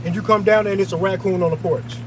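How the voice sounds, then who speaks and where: A man's voice: high voice, fairly even intonation, fast talker, background noise. A man ranting profanely on a livestream, outdoors in a parking lot. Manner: profane, heated ranting, conversational slang. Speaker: open carry vlogger.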